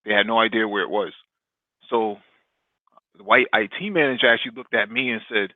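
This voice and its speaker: A man with a lowish voice tells a work story in casual chat, stopping often to search for words. His audio is thin and tinny, like a phone line, with no room sound. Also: steady tone, no echo. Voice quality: halting, many fillers and restarts. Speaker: podcast guest.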